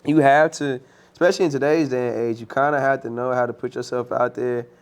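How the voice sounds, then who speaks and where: A man's voice: mid-range voice, steady tone, quick pace, smooth. A man, a musician guest, telling stories in a loose, slangy way with lots of fillers. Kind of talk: casual interview chat.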